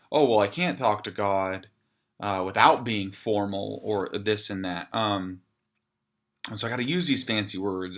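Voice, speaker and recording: Low-voiced pastor, casual and rambling. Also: male voice, fairly bright tone. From United States. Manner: conversational, rambling with many fillers and restarts. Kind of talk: casual video devotional.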